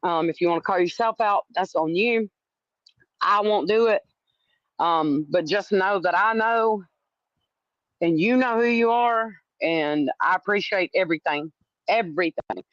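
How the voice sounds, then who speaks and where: A middle-aged woman hosting her channel, talking casually in a loud, profane, teasing way. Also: fairly low pitch, a little slow, dry recording, lo-fi sound. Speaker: channel host. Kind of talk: casual chat.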